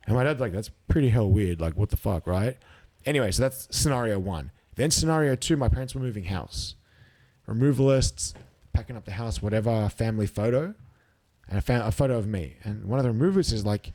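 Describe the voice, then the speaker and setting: Aussie bloke in his 30s, low-pitched, loose sweary podcast storyteller. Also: fairly quick. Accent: Australian. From Australia. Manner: animated, swears freely, acts out quotes. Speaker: guest, competitive eater. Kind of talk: casual storytelling with profanity.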